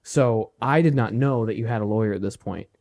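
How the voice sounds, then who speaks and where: A man's voice: on the low side, fairly quick. A young man co-hosting a podcast, telling a story in casual chat, swearing freely and acting out the voices of people he quotes. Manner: profane, animated when acting out quotes. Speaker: podcast co-host.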